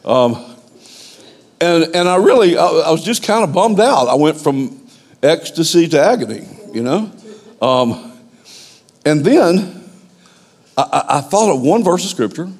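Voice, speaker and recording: A man preaching an informal sermon, conversational and animated, with stammering restarts. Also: on the high side, a little slow, long pauses, husky. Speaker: pastor.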